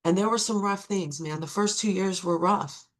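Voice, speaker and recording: A woman's voice: mid-range voice, normal speed. A middle-aged woman sharing her recovery testimony, earnest and repeating key phrases for emphasis.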